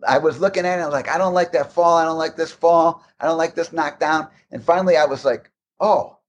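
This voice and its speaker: Lo-fi sound and slight background noise frame a man's slightly high voice, speaking fast. He's a guest in a casual interview, spinning long, rambling, animated stories about making a game with frequent restarts.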